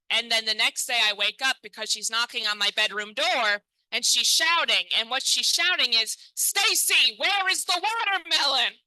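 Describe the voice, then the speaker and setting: A woman in her thirties doing stand-up, with a high voice and a very bright, sharp tone. She is chatty and self-deprecating and keeps talking to the crowd. The sound is close and dry. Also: smooth, no room sound, low-quality recording. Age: 30s. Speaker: stand-up comedian. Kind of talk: stand-up comedy set. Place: comedy stage.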